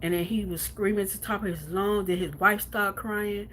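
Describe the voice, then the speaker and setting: A woman's voice: mid-range voice, fairly even intonation, moderate pace, a bit bright, a little hiss or hum. Woman telling a raw, profane story. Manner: raw, blunt, profane, with many repetitions. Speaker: livestreamer. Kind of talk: emotional personal storytelling on a livestream.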